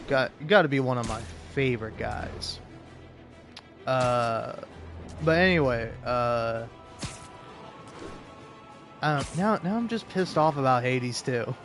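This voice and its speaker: A man's voice: medium pitch, expressive, slow, long pauses, fairly bright tone, faint music behind. A young man streaming a game, rambling, swearing and joking at his own expense in casual chat. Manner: rambling, swearing, self-deprecating.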